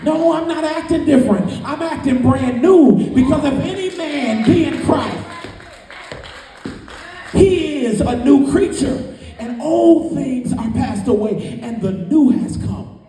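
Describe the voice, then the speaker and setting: A man's voice: very high voice, expressive, slow pace, dark tone. A man preaching a sermon as pastor, emphatic and sing-song, heard from far off in a large hall.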